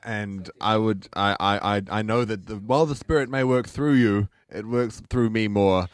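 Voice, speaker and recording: A man from New Zealand playing a pompous, flustered elderly pope in an improvised radio comedy skit, halting and stammering as he goes. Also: lowish voice, no echo, clean studio sound, natural voice.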